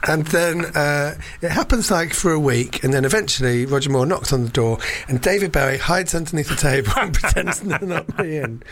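A man's voice: fairly high pitch, expressive, fairly quick, few pauses, fairly bright tone. A man telling a story in casual chat, rambling with fillers and laughs.

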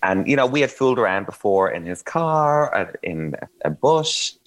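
A man's voice: fairly low pitch, sing-song, normal speed. A man telling candid, self-mocking stories in a casual chat, with plenty of ums and asides. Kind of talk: casual anecdotal storytelling.

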